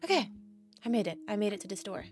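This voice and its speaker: A woman giving casual, chatty gameplay commentary, easily excited and gasping at new finds. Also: medium pitch, quick pace. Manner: chatty, excitable, gasps at discoveries. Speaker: Minecraft gaming creator. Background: background music.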